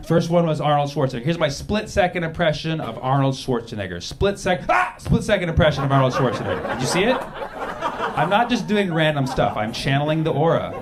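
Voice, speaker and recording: A male stand-up comedian with deadpan setups broken by sudden yelps. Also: on the high side, quick pace, over a noisy crowd, heavy background noise. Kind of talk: stand-up set. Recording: comedy club with loud audience.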